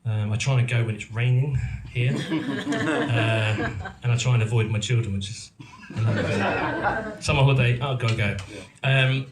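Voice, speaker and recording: Animated and at a moderate pace, a middle-aged Englishman who acts and produces tells his story to a live audience in a roomy event hall. His mid-range voice rambles along self-mockingly, full of ums and restarts. The recording is reverberant and very noisy.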